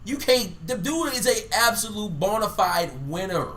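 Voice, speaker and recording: A man co-hosting a casual sports podcast, animated and playfully argumentative. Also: high-pitched, normal speed, a little hiss or hum. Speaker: podcast co-host.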